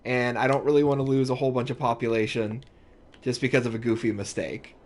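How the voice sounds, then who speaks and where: A man's voice: mid-range voice, flat delivery, fast, darkish tone. A man giving casual let's-play commentary, rambling and thinking aloud with restarts as he plays. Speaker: gaming YouTuber.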